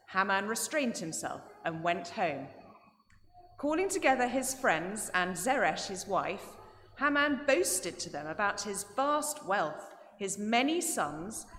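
Female scripture reader, steady and formal, echoing church hall with faint hum behind. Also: medium pitch. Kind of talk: scripture reading. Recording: echoey church hall with long reverb.

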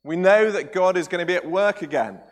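Male preacher, high voice, animated storyteller who keeps asking the room questions, long church reverb. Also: fairly quick. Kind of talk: sermon.

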